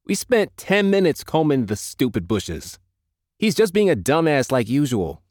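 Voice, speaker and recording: A man's voice: fairly high pitch, very animated, measured pace, darkish tone, no echo, clean studio sound, voice pushed up. A male narrator voicing a scornful, bossy teenage boy in an audiobook. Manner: scornful, cold. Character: sneering, bossy teenage boy gang lieutenant. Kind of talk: audiobook character voice.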